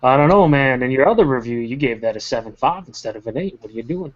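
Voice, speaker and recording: A man's voice: on the high side, sing-song, quick pace, hardly any pauses. A man hosting a casual group video chat, joking around and adding "baby" to his sentences, heard through a webcam. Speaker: host. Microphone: webcam on a video call. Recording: muffled lo-fi video call audio.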